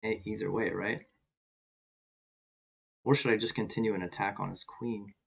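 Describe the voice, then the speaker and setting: A man's voice: lowish voice, fairly even intonation, normal speed, vocal fry, slightly rough. A man streaming an online chess game, thinking aloud in an anxious, self-deprecating way. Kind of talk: live commentary while playing online chess.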